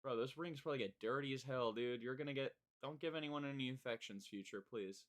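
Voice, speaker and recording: A man live-streaming his reaction to a song, with blunt, exclaiming comments and quick critical asides. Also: medium pitch, a bit bright.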